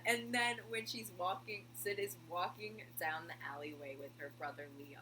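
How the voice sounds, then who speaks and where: A woman chatting casually as a video host at home, gushing and excitable, with lots of "like" in her talk. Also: mid-range voice, normal speed, a little hiss or hum. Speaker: video host reviewing a TV show. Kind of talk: casual chat. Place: room at home with a heater running.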